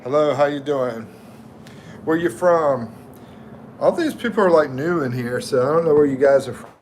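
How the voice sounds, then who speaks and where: A middle-aged American man hosts a casual livestream, reading viewer comments out loud and chatting warmly. His voice is a little high and expressive, and he speaks slowly and kindly, calling out viewers by name.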